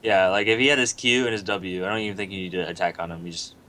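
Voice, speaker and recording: Low, bright-toned hesitant male guest. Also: fast talker. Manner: relaxed, hesitant, lots of fillers. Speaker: guest player. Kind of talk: casual panel chat.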